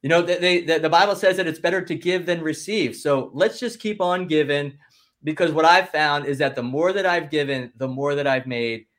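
Fired-up motivational man, fairly high voice. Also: normal speed, fairly bright tone. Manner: emphatic, rallying, fond of "guess what" and "listen". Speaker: business coach guest. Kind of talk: energetic motivational talk.

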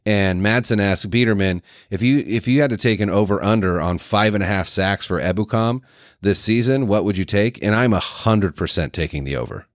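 A man co-hosting a sports podcast, breaking down signings in a rambling, energetic way. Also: fairly low pitch, a little fast, dry recording, clean studio sound. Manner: energetic, rambling analysis with restarts. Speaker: podcast co-host. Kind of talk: casual sports talk.

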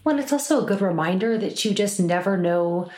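A woman hosting an interview, asking curious and encouraging questions. Her voice sits at a mid pitch. The room adds a noticeable echo. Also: animated, brisk, a little mellow. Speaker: interview host. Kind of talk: conversational interview. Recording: echoey room.

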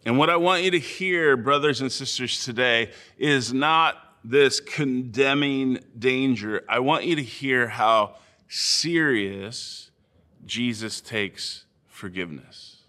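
A male pastor delivers a sermon in a measured, earnest way, his phrasing slow and deliberate. His mid-range voice sounds pushed and bright.

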